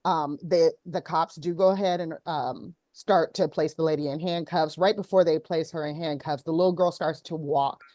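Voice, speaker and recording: A woman's voice: low voice, steady tone, moderate pace, hardly any pauses, dark tone, dry recording, studio quality. A woman hosting a casual talk show, retelling a viral video with many ums. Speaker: host. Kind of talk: casual chat.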